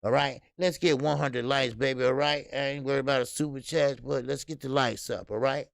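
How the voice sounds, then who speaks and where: A man's voice: mid-range voice, steady tone, fairly quick, creaky, dry recording, clean studio sound. A man hosting a live boxing talk stream, speaking in loose, profane slang and calling out to viewers in the chat. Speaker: boxing show host. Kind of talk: casual live-stream commentary.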